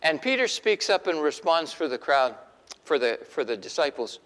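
A middle-aged man preaching a sermon in an animated way, acting out the voices he quotes. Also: fairly high pitch, moderate pace, in a large hall. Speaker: pastor.

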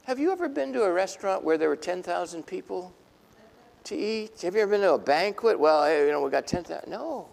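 A man preaching a sermon, telling a Bible story in lively fashion and acting out the people in it. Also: high-pitched, fast, vocal fry, big-room sound. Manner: animated storytelling, voicing biblical figures. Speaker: pastor.

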